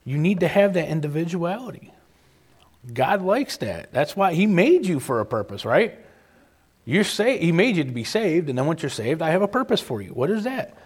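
Emphatic man preaching a lively sermon. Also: a little high, normal speed, husky. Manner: emphatic, repeats key phrases, acts out quoted voices.

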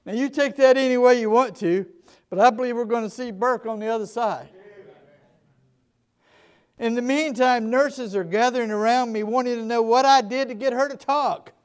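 Southern US male pastor, high smooth voice, earnest storyteller in a sermon. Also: moderate pace. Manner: earnest, emphatic, shifts from quiet to loud.

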